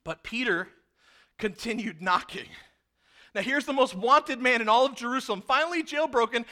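A man preaching a sermon with a very high, bright voice. As a pastor he tells the story in a lively way and slips into the voices of the people in it to act out their lines. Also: moderate pace.

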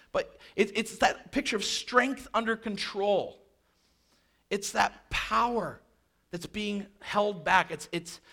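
A man preaches a lively sermon with a voice on the higher side. He swings between playful joking asides and slow, quiet stretches of emphasis. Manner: animated, jokey asides, acts out quoted voices. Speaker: pastor.

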